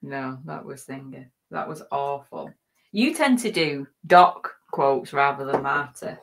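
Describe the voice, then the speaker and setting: A woman's voice: extremely low pitch, measured pace, creaky. An English woman co-hosting a live reselling chat show, teasing her co-host and laughing often. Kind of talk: casual live-stream chat.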